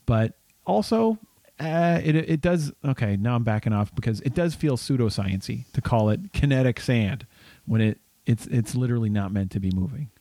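A man's voice: mid-range voice, lively intonation, normal speed, mellow, no room sound. A man co-hosting a casual podcast, talking with lots of fillers and restarts. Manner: hesitant, many fillers and restarts. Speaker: podcast co-host.

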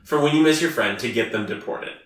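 A man's voice: a little high, quick pace, over a noisy crowd. Echoey, distant young man riffing and laughing. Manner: rambling, laughing, riffing on listener posts. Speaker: podcast co-host. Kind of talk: casual comedic chat. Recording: very echoey, from off mic.

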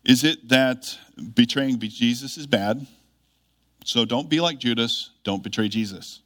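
A man delivers a sermon in an earnest, measured voice of middle pitch. He leans on key phrases with emphatic rises and reads scripture aloud. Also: fairly bright tone. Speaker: preacher.

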